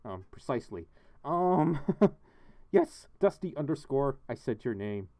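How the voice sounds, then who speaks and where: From a home studio, a livestream host with a mid-range, dark-toned voice speaks slowly with big pitch swings. He's chatty and giggly, reading out chat and donations, thanking donors, and laughing a lot.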